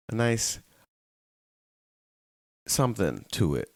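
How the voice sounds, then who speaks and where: A tired man hosting a solo podcast, chatting casually, laughing often and slipping into quick quoted voices. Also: fairly low pitch, lively intonation, no echo, studio quality. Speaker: podcast host.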